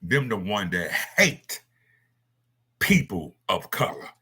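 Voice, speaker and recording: A man with a bright, slightly husky voice, speaking off the cuff in a casual monologue. He rambles from point to point, blunt and quick to swear. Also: on the low side, very animated.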